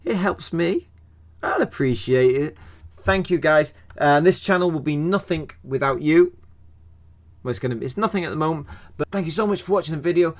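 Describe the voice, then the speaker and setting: A young man talks through a football match in a relaxed, chatty way, often posing questions and answering them himself. His voice sits a little on the high side, and he pokes gentle fun at himself as he goes. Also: normal speed. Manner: chatty, self-deprecating, asks himself questions. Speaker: football fan channel host. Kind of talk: casual match review.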